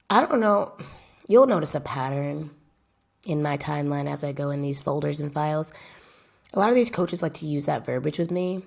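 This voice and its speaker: A young woman with a low voice and a gravelly, fry-laced edge tells a casual vlog story. She talks straight to her viewers in a chatty way and drives points home by repeating phrases. She speaks as a footballer describing her own career. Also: expressive, normal speed, darkish tone. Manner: emphatic, repeats phrases for effect; addresses viewers directly and chattily.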